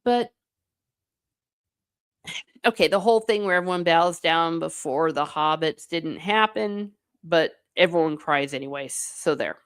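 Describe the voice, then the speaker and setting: A woman's voice: low-pitched, measured pace, clean tone. A middle-aged woman hosting a casual livestream, chatting wryly about films and reading viewer comments aloud with playful exasperation. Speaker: host reading live chat.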